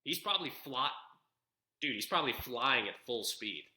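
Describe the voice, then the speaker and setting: A man's voice: medium pitch, normal speed, reverberant, low-quality recording. A man co-hosting a podcast, animatedly retelling film scenes in casual chat. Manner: animated storyteller, acts out lines. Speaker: podcast co-host. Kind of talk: casual movie review chat.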